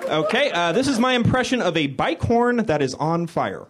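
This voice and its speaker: A young man doing a stand-up set on a comedy club stage into a handheld mic, awkward and deadpan, correcting himself and at times building into shouted rants. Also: high voice, moderate pace. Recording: live club recording with crowd laughter.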